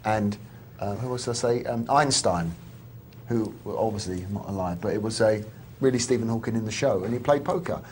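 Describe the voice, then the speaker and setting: A man's voice: lowish voice, fairly quick, a little mellow, slight background noise. A man co-presenting a live poker show, rambling and joking with mock indignation. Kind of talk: live TV studio banter.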